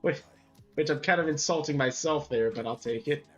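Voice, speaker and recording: A man's voice: a little high, moderate pace, fairly bright tone, dull audio, soft background music. A young man in casual chat, wry and self-mocking.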